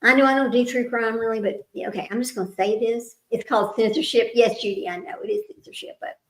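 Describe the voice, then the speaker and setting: A high-pitched woman hosts a casual trivia livestream, chatty and giggly, laughing at herself as she drifts off topic. Her voice rings around an echoey room at home. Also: fast. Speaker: livestream host running trivia. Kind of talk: casual chat with live viewers. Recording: roomy echo.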